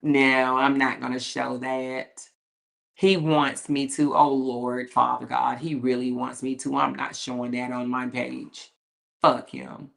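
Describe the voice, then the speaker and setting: A woman's voice: a bass voice, little pitch movement, slow pace, creaky. A woman hosting a livestream, reading comments aloud in a blunt, sassy, profane way and laughing often.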